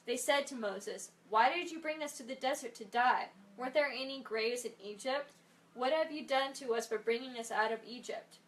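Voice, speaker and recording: A woman reading a scripture passage aloud slowly and carefully at a Bible study. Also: fairly high pitch. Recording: distant from the mic.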